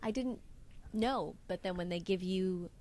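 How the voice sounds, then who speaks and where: A woman's voice: fairly low pitch, a little slow, a little mellow, slight background noise. Chatty jet-lagged New York woman. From United States. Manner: chatty, laughing, self-deprecating. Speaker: singer and impressionist guest. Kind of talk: casual interview chat.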